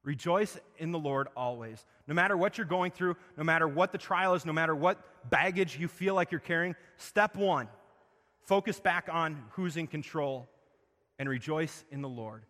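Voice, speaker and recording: A man preaching a sermon, asking his listeners questions and swinging between loud emphasis and quiet, low passages. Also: moderate pace, in a large hall. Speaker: pastor.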